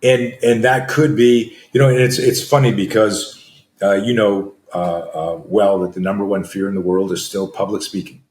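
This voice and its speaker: A man's voice: fairly low pitch, steady tone, moderate pace, darkish tone. A middle-aged man, a self-defense coach, answering interview questions in a loose storytelling way with frequent fillers and restarts. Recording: echoey room.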